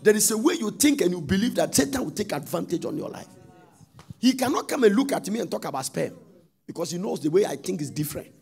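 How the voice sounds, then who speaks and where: A man preaching a sermon, telling stories and rising into sudden loud sung-out phrases. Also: high-pitched, very animated, fast, gravelly, husky.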